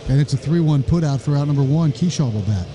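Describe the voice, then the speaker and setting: A man calls a live baseball game from the booth, brisk and a little wry, his voice mellow and rather high for a man. He tosses in jokes between pitches and lifts his voice on the big plays. A faint background noise sits under the call. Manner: brisk, wry, jokey asides, rising excitement on big plays. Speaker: play-by-play announcer.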